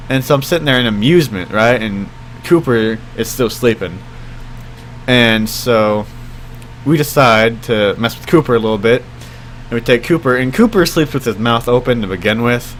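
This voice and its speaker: A young man casually telling a story on his vlog, rambling with lots of fillers and jumping his pitch when he quotes people. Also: lively intonation, measured pace, slight background noise. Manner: rambling, many fillers like "like" and "I mean"; acts out quoted voices with jumps in pitch. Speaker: vlogger.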